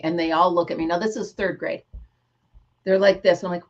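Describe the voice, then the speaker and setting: A woman's voice: lowish voice, fairly quick, highs cut off. A middle-aged woman hosting a casual craft livestream, telling stories with animation and greeting viewers by name. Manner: animated storyteller, reads out viewer names. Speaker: livestream host.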